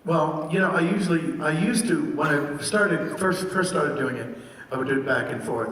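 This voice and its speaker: An older man, a voice actor, telling stories and answering fan questions at a convention panel in an animated, laughing way. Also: fairly high pitch. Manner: animated, laughing, jumps into quick character voices. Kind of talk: casual storytelling and Q&A. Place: large convention hall. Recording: echoey hall heard from far off.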